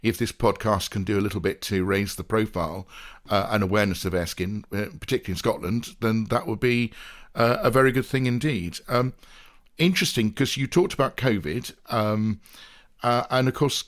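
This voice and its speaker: A man's voice: lowish voice, moderate pace. A man from the South Coast of England co-hosting a podcast in a casual, rambling, jokey way, wandering off into playful digressions. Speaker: podcast co-host.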